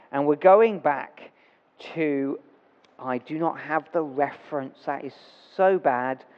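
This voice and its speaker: High-voiced man preaching in a reverberant church. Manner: conversational, self-correcting, reads scripture aloud. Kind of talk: sermon. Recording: dull reverberant church recording.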